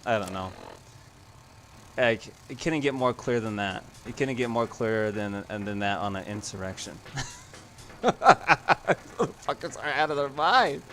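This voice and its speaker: A man's voice: mid-range voice, lively intonation, unhurried, a bit bright, slight background noise. A man streaming a game, ranting casually to his chat in a heated, profane way and chuckling between sentences.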